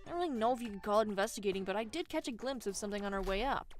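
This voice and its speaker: A woman voicing an excitable, flustered young boy in a visual novel game, talking in a rushed, rambling manner. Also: mid-range voice, natural voice. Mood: exasperated. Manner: breathless, rushed. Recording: game music behind.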